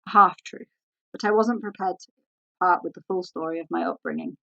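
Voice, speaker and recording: A woman author reading her novel aloud in a measured, composed way. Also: fairly low pitch, fairly even intonation, creaky, fairly bright tone, no room sound, muffled recording.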